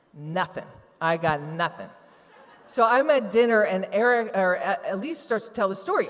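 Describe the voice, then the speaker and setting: A woman giving a candid, emotional personal testimony to a live audience from a stage. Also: medium pitch. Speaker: retreat participant giving testimony. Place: large event hall on stage. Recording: long hall reverb from a live venue.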